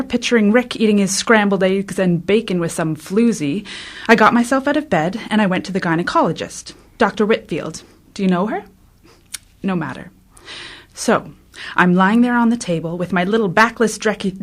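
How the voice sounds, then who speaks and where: A woman reading a confiding, wry dramatic monologue in a radio studio, rising to tearful emotion. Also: a little high. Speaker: contributing writer reading a monologue.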